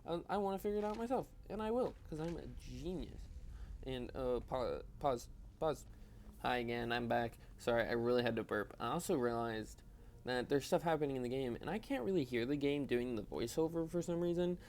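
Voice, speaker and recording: A man's voice: medium pitch, animated, normal speed, darkish tone, a little hiss or hum. A young adult man giving casual, rambling, self-deprecating gameplay commentary while tired and yawning. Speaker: gaming video host.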